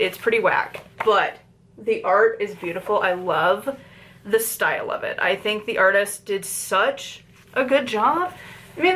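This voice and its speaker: With a medium-pitched, slightly bright voice and an Appalachian accent, she talks through a book review on her channel. She's chatty and meandering, full of fillers and side tangents.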